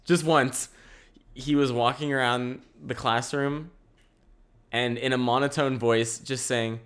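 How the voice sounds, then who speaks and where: Young male podcast host, energetic and rambling, casual chat from home. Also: mid-range voice, measured pace. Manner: rambling and energetic, laughs often.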